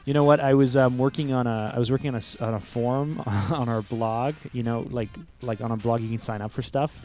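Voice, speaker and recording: A man in his thirties hosts a studio podcast at a middle pitch. He rambles, jokes around and laughs easily as he talks. Faint music sits under his voice. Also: steady tone, darkish tone. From Canada. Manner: jokey, rambling, quick laughs. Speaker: podcast host. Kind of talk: casual studio chat.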